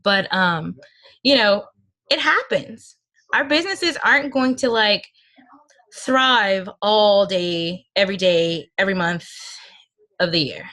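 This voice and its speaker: Woman, young adult, bright forceful tone, earnest, emotional, motivational team talk, video call audio. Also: medium pitch. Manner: earnest and emotional, speaks from personal experience. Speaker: team leader speaking to a sales team. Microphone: video call microphone.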